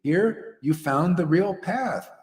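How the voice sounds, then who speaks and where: A man preaches in a loose, conversational way, his pitch swinging widely as he jokes, laughs and drops slang. His voice rings out with a long hall reverb behind it. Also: slow pace. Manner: animated, slangy, laughs often. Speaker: spiritual teacher. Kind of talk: casual devotional talk.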